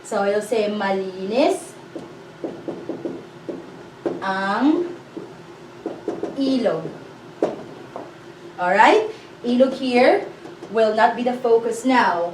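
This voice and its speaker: A woman teaching a language lesson, patiently explaining and repeating example sentences slowly, often checking with "okay?". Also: fairly high pitch. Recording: echoey room, voice a bit far from mic, faint hiss.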